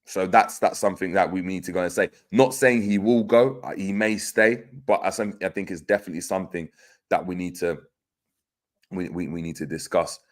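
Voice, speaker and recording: A man with a low voice hosts a relaxed live football chat. He reads viewer comments aloud and reacts to them in a loose, conversational way, with frequent fillers and restarts. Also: fairly quick. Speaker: football podcast host.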